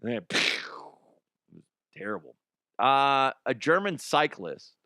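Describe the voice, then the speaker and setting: A man's voice: medium pitch, sing-song, slow pace, bright, forceful tone, no room sound, clean studio sound. A man hosting a comedic news show, talking in a rambling, profane way with frequent laughter. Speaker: podcast host.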